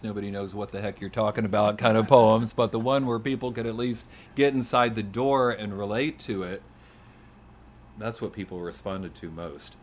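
Man, middle-aged, poet reading to an audience, low voice, conversational, light hiss. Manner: conversational, self-deprecating, gently humorous. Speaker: poet reading his work. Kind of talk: poetry reading to a live audience.

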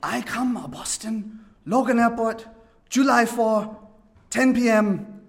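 A man putting on a high, excited young man. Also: takes it slowly, creaky, exaggerated voice. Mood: delighted. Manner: high, loud, delighted exclamations. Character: excitable young Japanese man, cheerful, broken English.

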